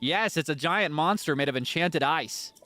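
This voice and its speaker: A man's voice: a little high, expressive, moderate pace, sharp tone, no room sound, soft background music, pitched above the performer's own voice. A man voicing a chatty, nervous bird-folk villager man in a raised, gossipy voice.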